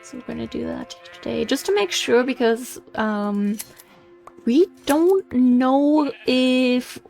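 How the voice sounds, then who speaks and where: Gravelly-voiced young woman chatting. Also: high voice, slow pace, darkish tone, soft background music. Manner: chatty, rambling storytelling. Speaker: let's play host. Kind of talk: casual gaming commentary.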